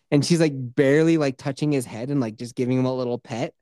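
A man's voice: mid-range voice, quick pace, few pauses, warm tone, no room sound. A young man, the podcast host, telling rambling, crude stories in casual chat with frequent laughter.

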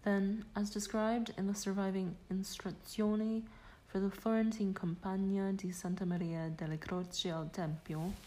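Woman, audiobook narration, measured and deliberate, warm dark tone, nonfiction reading. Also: mid-range voice, little pitch movement, rough recording. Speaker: audiobook reader.

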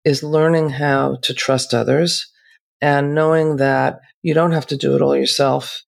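Calm gravelly-voiced woman therapist. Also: very deep voice. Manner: calm, measured, slows down to stress points. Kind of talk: reflective podcast conversation.

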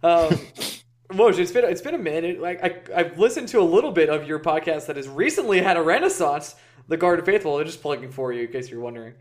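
A man with a somewhat high voice hosts a casual podcast in a quick, joking manner. He keeps the show moving between segments with loose, playful remarks. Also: expressive. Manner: jokey, fast-talking. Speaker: podcast host.

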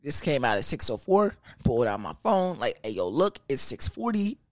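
A man's voice: medium pitch, normal speed, dry recording, clean studio sound. A young man from Texas, telling a casual, profane and joking story about his work. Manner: profane, animated, ranting and joking. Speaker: storyteller vlogger.

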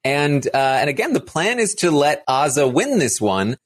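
A man's voice: on the high side, big pitch swings, moderate pace. Man, casual recap chat, laughs a lot, lots of ums and uhs. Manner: laughs often, many fillers, explains strategy at length. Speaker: podcast co-host.

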